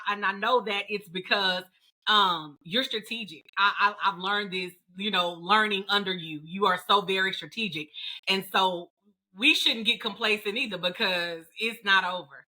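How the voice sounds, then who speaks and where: A woman hosting a podcast, chatting casually and supportively with lively, animated delivery. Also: normal speed, rough recording. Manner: animated, supportive, acts out quotes with big pitch swings. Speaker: podcast host.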